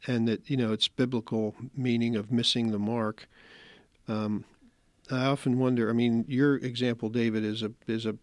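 A man's voice: medium pitch, little pitch movement, normal speed, no echo. A middle-aged man sharing a thoughtful, hesitant reflection in a casual way, often searching for his words. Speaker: host of a scripture reflection.

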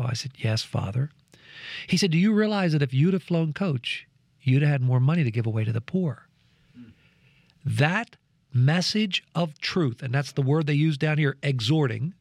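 A man's voice: on the high side, no room sound, clean studio sound. A man sharing a reflection as a program co-host, telling a personal story in an earnest, preacherly way and acting out the voices of the people in it. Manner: lively storyteller who acts out quoted voices.

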